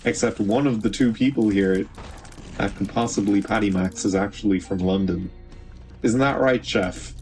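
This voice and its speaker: Irish guy on a stream, lowish voice, ribbing his chat and cracking up a lot, bit of music playing behind him. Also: moderate pace, a little mellow. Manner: teasing, joking, laughs often. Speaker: livestream host. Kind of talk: casual chat with viewers.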